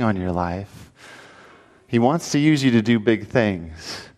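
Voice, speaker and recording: A pastor giving a sermon, telling a story with animation and rising into emphatic calls to the congregation. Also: male voice, on the low side, lively intonation, slow pace, pauses often, darkish tone, in a large hall.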